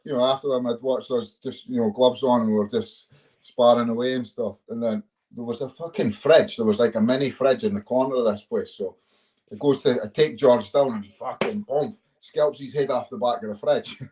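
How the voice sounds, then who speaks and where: A man's voice: mid-range voice, steady tone, moderate pace, darkish tone. A man with a Scottish accent, an MMA fighter telling stories in a casual interview, swearing freely and chuckling as he goes. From Scotland. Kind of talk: casual storytelling chat.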